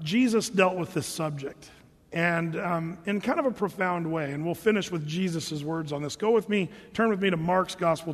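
A man preaching a casual, joking sermon, reading scripture slowly between everyday asides. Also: high voice, in a large hall. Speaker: pastor.

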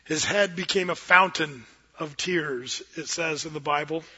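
A man preaching a sermon as a pastor, telling a folksy story with gentle self-deprecating humor. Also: fairly high pitch, unhurried, husky. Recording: dull lo-fi sound with long hall reverb.

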